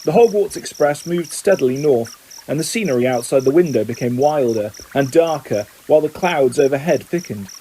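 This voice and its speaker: Man reading a storybook, mellow voice. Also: expressive, brisk, a little hiss or hum, low-quality recording. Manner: reads steadily, lifting pitch for quoted lines. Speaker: audiobook reader. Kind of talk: scripted narration.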